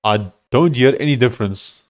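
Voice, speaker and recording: A man talks his way through a coding session in an easygoing voice, thinking out loud as he clicks through and tests things. His pitch sits in a middle range. The sound is a little dull and lo-fi. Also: moderate pace. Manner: thinking aloud while testing, easygoing. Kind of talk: casual live-coding chat.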